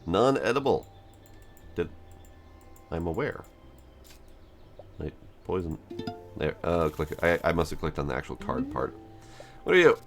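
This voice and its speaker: A man's voice: deep voice, sing-song, unhurried, pauses often, soft background music. A man casually commenting on a game he is playing, chatty and self-mocking, reading its text aloud. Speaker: gameplay streamer. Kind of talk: casual let's-play commentary.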